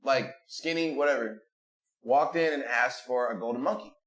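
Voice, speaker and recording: A man's voice: mid-range voice, normal speed, fairly bright tone. A man riffing in casual podcast chat, slangy and calling everyone bro. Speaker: podcast co-host. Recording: echoey room.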